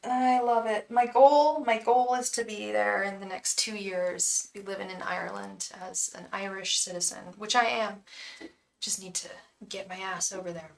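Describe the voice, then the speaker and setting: An American woman giving a live tarot reading who chats warmly with viewers and chants repeated invocations to her guides. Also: mid-range voice, steady tone, moderate pace, creaky, recorded from a distance, low-quality recording. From United States. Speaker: tarot reader and psychic.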